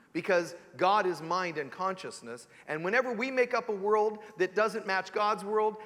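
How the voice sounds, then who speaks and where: Guy preaching, playful rhetorical questions, bright tense tone, voice jumping all over. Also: high voice, long reverb tail. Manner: animated, joking, full of rhetorical questions. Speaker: spiritual teacher. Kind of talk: sermon. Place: church sanctuary.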